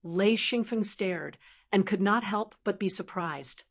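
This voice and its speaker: A woman reads a fantasy audiobook in a very slow, measured way. Her voice sits at a middle pitch and keeps an even storytelling tone. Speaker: audiobook narrator. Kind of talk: scripted narration.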